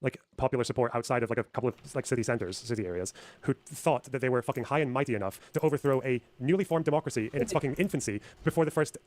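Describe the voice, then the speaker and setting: Fast, swearing, argumentative male streamer. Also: medium pitch, lively intonation, darkish tone. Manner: argumentative, swears often, presses with repeated questions. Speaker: streamer host. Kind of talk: heated debate on a live stream.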